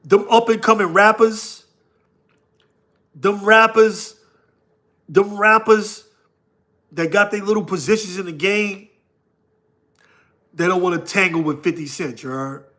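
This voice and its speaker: A man's voice: high-pitched, measured pace, pauses often, pushed and bright. A man with a New York accent hosting a casual livestream, laughing often and talking slangily to his chat. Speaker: livestream host.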